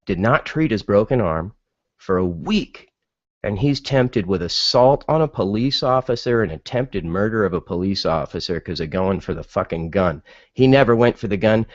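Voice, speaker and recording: A podcast host delivers a casual opinion monologue, exasperated and full of fillers and incredulous rhetorical questions. His voice is lowish, and the lo-fi recording has no echo.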